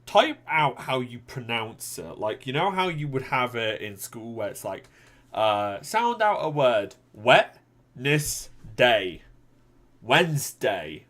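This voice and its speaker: A man's voice: medium pitch, sing-song, a little slow, a bit bright. A young man giving casual, joking commentary while playing a game and talking to viewers. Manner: joking, swears freely, talks to viewers. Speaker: gameplay streamer.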